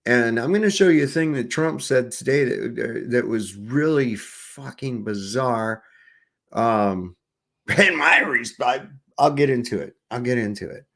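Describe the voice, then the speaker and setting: Man, livestream host, casual commentary, profane, rambling, average pitch. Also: animated, measured pace, a bit bright. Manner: rambling, profane, trails off in restarts. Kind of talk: casual commentary over clips.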